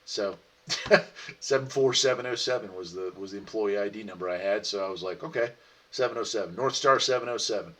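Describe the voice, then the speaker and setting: A man hosting a casual livestream, reading out viewer comments and answering them in a relaxed, rambling way with frequent laughs. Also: on the low side, a little fast, far from the mic. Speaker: livestream host.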